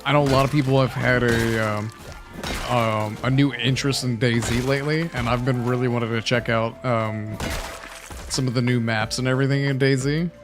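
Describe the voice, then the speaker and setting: A man's voice: mid-range voice, steady tone, moderate pace, over music. A man livestreaming a game, chatting loosely and cursing as he plays. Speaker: gaming livestreamer. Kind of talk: casual chat over gameplay.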